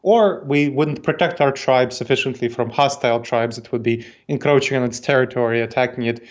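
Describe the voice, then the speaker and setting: A man's voice: mid-range voice, fairly quick, muffled recording. A man in his forties, from Moldova, with an Eastern European accent tinged with New York, explaining ideas methodically as an interview guest. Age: 40s. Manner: methodical, explanatory, repeats key points. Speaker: guest expert.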